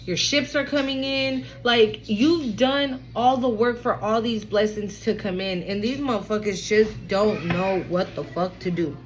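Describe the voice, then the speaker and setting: A woman's voice: medium pitch, a little slow, few pauses, a little hiss or hum, poor audio. A woman giving a casual tarot reading to an online audience, blunt, profane and emphatic. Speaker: tarot card reader.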